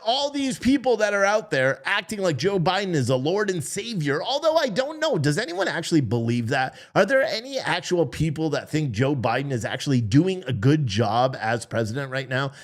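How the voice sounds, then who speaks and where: Animated, ranting man, high and lively. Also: normal speed, few pauses. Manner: animated, profane, sarcastic, mocking impressions. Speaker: political commentary host. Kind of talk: ranting political commentary.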